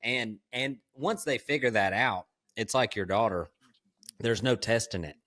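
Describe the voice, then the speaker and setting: Podcast host guy, mid-pitch voice, talks emphatic and frank, says dude a lot. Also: a little slow, a bit bright. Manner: emphatic and candid, calls his guest "dude". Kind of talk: casual conversation.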